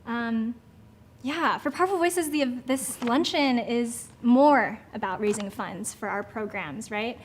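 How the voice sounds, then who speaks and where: A woman's voice: on the high side, a little slow, slight background noise. Chatty woman co-hosting an event. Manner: chatty, laughs often, hype-style. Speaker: event co-host. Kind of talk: casual live event hosting.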